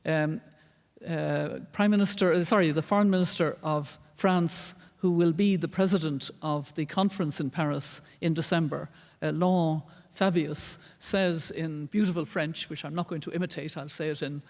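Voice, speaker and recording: An older woman with an Irish accent, giving an earnest, measured public lecture as a guest speaker. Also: sits low, steady tone, darkish tone. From Ireland. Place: large lecture hall. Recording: long reverb of a large hall.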